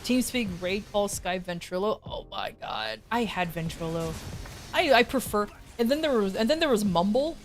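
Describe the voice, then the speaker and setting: Animated woman streamer telling a story. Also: mid-range voice, normal speed, slight background noise. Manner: animated, profane, acts out quotes. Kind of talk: casual storytelling chat.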